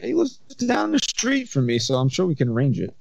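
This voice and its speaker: A man's voice: medium pitch, wildly swooping pitch, a little fast, creaky, no echo. A man co-hosting a podcast, telling stories in a rambling casual way. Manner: rambling storyteller, many restarts. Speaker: podcast co-host.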